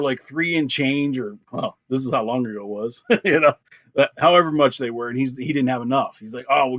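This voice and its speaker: A man's voice: medium pitch, dry recording. A young man from Pennsylvania, a drummer, telling a story in casual chat, laughing often and acting out the voices of people in it. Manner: animated, laughs often, acts out quoted lines. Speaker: band drummer, guest.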